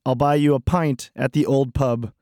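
A man's voice: medium pitch, fairly even intonation, moderate pace, mellow, a little hiss or hum. A man co-hosting a podcast, telling stories about himself in a wry, self-mocking way. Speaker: podcast co-host. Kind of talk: casual podcast chat.

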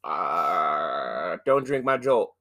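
A man's voice: low voice, big pitch swings, extremely slow, pushed and bright. A man hosting a horror podcast, chatting casually and joking with his wife in slang. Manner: joking, playful banter with slang. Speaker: podcast host.

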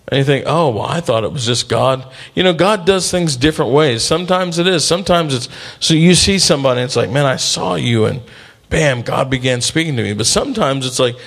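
A man's voice: mid-range voice, animated, fairly quick, vocal fry, a bit bright. A man preaching a sermon in a conversational way, calling on the congregation for responses and acting out the voices in his stories. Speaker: pastor.

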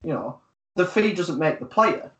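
A man, co-hosting a casual football podcast, talking in a measured way with many fillers and pauses. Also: fairly high pitch, animated, fairly bright tone, lo-fi sound. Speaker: podcast co-host.

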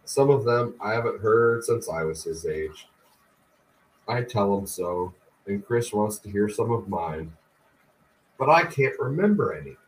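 A man, the host of a podcast, reading a book aloud slowly and deliberately. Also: on the low side. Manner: slow, deliberate, even reading. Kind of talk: audiobook-style reading. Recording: distant mic with faint background noise.

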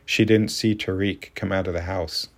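A man reads a story aloud in a calm, even manner. His voice is deep and low. The narration is measured, in a steady audiobook style.

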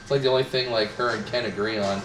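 A man's voice: lowish voice, steady tone, quick pace, a bit bright, far from the mic. Sarcastic young man, echoey and off-mic. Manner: sarcastic, swearing, acts out coworkers in quotes. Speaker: sub shop worker. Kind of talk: casual podcast chat. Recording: echoey room, off-mic, faint noise.

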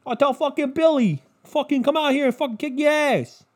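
A man's voice: very high voice, a little fast, pitched above the performer's own voice. A man putting on the voice of a brash, profane New Yorker bragging about pizza. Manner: shouting, swaggering, profane.

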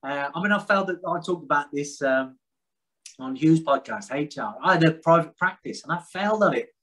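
A man's voice: a little high, expressive, brisk, a bit bright, rough recording. Frank rambling man. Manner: rambling, frank, self-deprecating. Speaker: podcast guest. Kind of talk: casual conversation.

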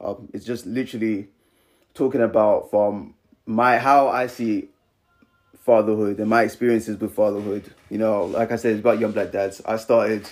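A man's voice: fairly low pitch, normal speed. A young man in his twenties, a podcast co-host telling a personal story in casual chat, acting out quotes with many fillers. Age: 20s. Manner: animated storyteller, acts out quotes, frequent fillers.

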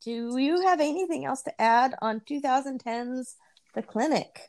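A woman's voice: high-pitched, unhurried, darkish tone. A woman co-hosting a podcast in casual chat, laughing often and repeating words as she talks. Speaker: podcast co-host.

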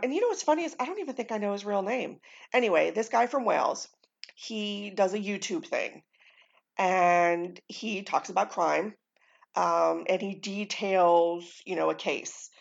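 A woman's voice: mid-range voice, a little slow, creaky, muffled recording. An American woman hosting a casual solo podcast, rambling through her thoughts with lots of ums and casual swearing. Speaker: podcast host.

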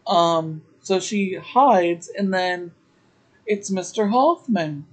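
A woman's voice: lowish voice, animated, low-quality recording. A woman hosting a podcast, recapping an episode in a chatty, casual way with laughing asides. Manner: chatty, laughing asides, slow drawn-out delivery. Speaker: podcast host.

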